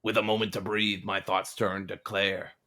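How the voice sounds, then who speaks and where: A man's voice: flat delivery, bright, forceful tone. A man putting on a solemn pirate captain. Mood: grave. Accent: put-on pirate accent. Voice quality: low, measured and grandly formal. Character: solemn old-time male pirate captain writing a journal. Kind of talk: reading game journal entries aloud.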